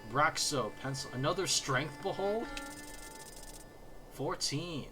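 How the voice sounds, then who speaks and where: A man's voice: fairly high pitch, animated, slow pace. A man playing through a game demo, reading its text aloud and reacting with laughs and swearing. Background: loud game music.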